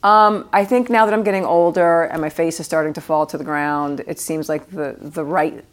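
A woman's voice: low voice, steady tone, moderate pace. A middle-aged woman from New York, a guest actress telling stories at home in a casual interview, swearing freely and laughing mid-story.

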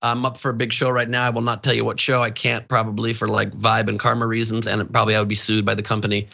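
A comedian co-host chats in a rambling, self-deprecating way. His voice is bright and forward. The audio is dull and lo-fi. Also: fairly low pitch, completely flat delivery, fast, vocal fry. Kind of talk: casual chat.

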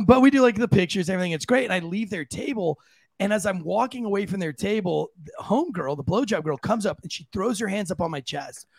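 A man co-hosting a podcast, telling a story in a casual, animated way and jumping into high voices for the people he quotes. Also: a little fast, gravelly, no echo. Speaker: podcast co-host.

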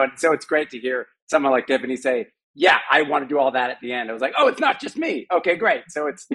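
A man's voice: medium pitch, fairly bright tone. A man, a cast member, chatting earnestly and poking fun at himself. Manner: earnest, self-deprecating. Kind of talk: casual chat.

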